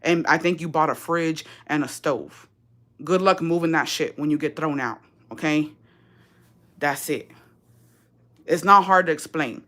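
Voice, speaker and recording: A woman's voice: low voice, unhurried, pauses often, a bit bright. Profane ranting woman. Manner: profane, sarcastic, switching between English and Spanish. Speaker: live-stream vlogger. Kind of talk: heated rant on a livestream.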